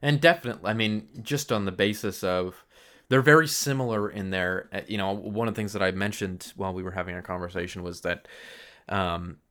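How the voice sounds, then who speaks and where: A man co-hosting a film podcast, talking thoughtfully and hesitantly with many pauses and ums. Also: low voice, fairly bright tone. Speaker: podcast co-host. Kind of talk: casual film podcast chat.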